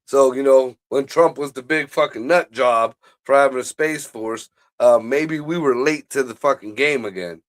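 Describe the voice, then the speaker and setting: A man's voice: mid-range voice, moderate pace, hardly any pauses. A man co-hosting a casual livestream chat, rambling through theories and swearing as he goes. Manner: rambling, profane, laughs at his own jokes. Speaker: co-host.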